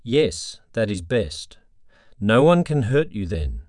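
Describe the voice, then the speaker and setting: A man reading a cruel, taunting inner voice in a cold, steady way, for an audio story. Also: on the low side, slow, dry recording, studio quality. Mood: bleak.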